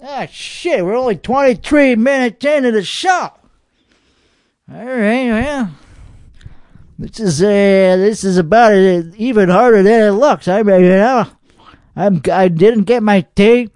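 A podcast host from Texas, with a Texan accent, reacts to internet videos in rambling, profane, mock-outraged commentary. His voice sits high with a darkish tone, a little slow, and the recording is dry with clean studio sound.

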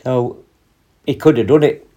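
A prison officer tells blunt, profanity-filled anecdotes in a relaxed way, acting out his own comebacks. His voice is mid-range and warm, with a measured pace, and the high frequencies are cut off.

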